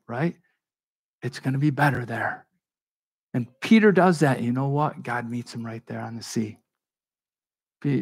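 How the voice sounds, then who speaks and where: A man preaching a sermon in a conversational, animated way, acting out the dialogue of Bible figures. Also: on the high side, moderate pace. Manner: conversational with frequent restarts and asides. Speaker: pastor.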